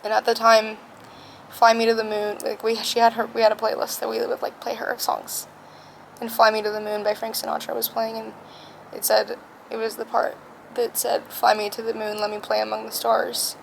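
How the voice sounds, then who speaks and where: A young woman telling a personal story alone, speaking softly and haltingly, tearful at times. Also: fairly high pitch, monotone, creaky, slight background noise, low-quality recording. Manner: soft, halting, emotional. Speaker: vlogger. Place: alone in a quiet room.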